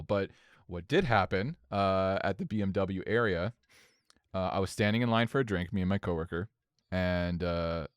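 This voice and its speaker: A young man telling a long story in casual podcast chat, animated and swearing freely. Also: lowish voice, clear, resonant tone, dry recording, clean studio sound. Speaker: podcast co-host.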